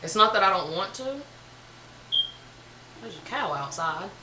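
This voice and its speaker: A young woman telling a casual storytime on her vlog, chatty and animated, full of slang. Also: medium pitch, measured pace, echoey room, background noise. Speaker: vlogger.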